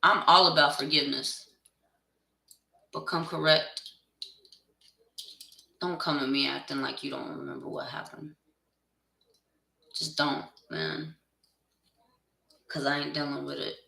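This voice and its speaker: A gravelly, creaky voice with a sharp, tense edge, ranting bluntly and profanely as a tarot reader. The speaker sits back from the mic in an echoey room, so the voice comes across roomy and slightly distant. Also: medium pitch, a little slow, long pauses. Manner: heated, insistent. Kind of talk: casual direct-to-camera rant.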